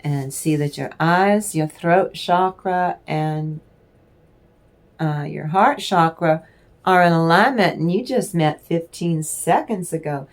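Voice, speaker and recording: A woman giving a casual spiritual tarot reading, rambling and affectionate, stopping now and then to clear her throat. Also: fairly low pitch, takes it slowly. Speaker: tarot reader.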